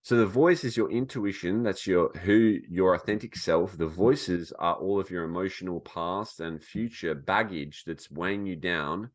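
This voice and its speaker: A man hosting a podcast, giving a casual motivational talk in a blunt, animated way that includes swearing. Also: low voice, a little slow, hardly any pauses. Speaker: podcast host, self-described philosopher.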